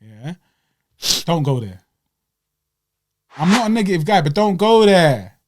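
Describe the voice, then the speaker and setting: Slangy young man, animated. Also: high voice, a little slow, slight background noise. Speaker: podcast co-host. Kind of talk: casual chat.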